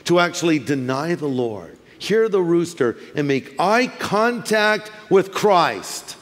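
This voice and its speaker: A man preaching in a large church auditorium, his voice carrying a long hall reverb. He talks in a lively, storytelling way, slipping into funny voices, with a slightly high tone for a man. He has a light Californian accent. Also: takes it slowly. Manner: animated, acts out quoted voices with humor. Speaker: pastor. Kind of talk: sermon.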